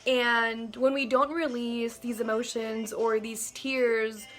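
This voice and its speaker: Woman vlogging, heartfelt and gentle, kinda high voice, lots of likes and you-knows, soft music under it. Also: flat delivery, slow. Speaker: vlogger sharing personal reflections. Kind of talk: casual heartfelt monologue to camera.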